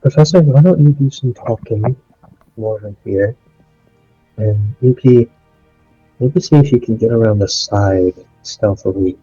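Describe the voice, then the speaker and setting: A man's voice: lowish voice, measured pace, pauses often, mellow, husky, no echo, soft background music. A man playing a tabletop game, planning aloud and giving the group directions. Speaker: player. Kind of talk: casual tabletop game chat. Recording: dull lo-fi audio.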